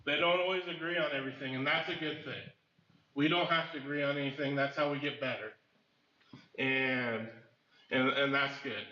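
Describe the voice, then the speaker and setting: A man's voice: mid-range voice, steady tone, moderate pace, pushed and bright. A man, a school administrator, speaking earnestly at a community meeting, hesitant with many fillers. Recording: echoey room, slightly dull.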